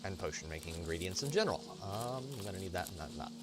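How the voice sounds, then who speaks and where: A man's voice: low voice, lively intonation, very fast, loud music behind the voice. A man hosting a casual let's-play stream, chatting in a rambling, profane, self-interrupting way. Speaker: gaming channel host.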